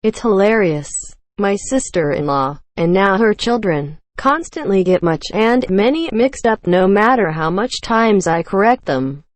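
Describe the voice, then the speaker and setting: A woman reading a string of forum comments aloud in an even, flat read. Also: medium pitch, unhurried, hardly any pauses, no echo. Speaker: narrator reading forum posts.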